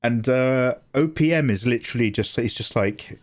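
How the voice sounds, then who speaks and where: A man in his forties chatting casually on a live drawing stream, animated and self-deprecating, swearing freely. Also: moderate pace. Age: 40s. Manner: mocks others with squeaky high voices. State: tearing up, emotional. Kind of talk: casual livestream chat. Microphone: desk mic, no camera.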